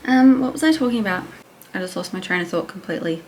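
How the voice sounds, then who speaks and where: A woman's voice: medium pitch, animated, a little fast, slight background noise. A woman talking casually to camera at home in a rambling, chatty small-business vlog. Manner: chatty and rambling, loses her train of thought.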